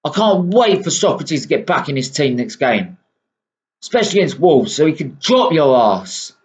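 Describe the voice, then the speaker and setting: A man's voice: on the high side, sing-song, normal speed, darkish tone. A man ranting angrily about his football club, swearing often and tagging "right?" onto his sentences. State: unwell. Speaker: football fan vlogger. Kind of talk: angry ranting monologue. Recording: dull lo-fi sound.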